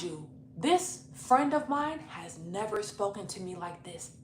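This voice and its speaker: A young woman telling a personal story in a casual, animated, profane vlog style. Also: mid-range voice, measured pace, few pauses. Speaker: YouTube storyteller. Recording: roomy echo, faint noise.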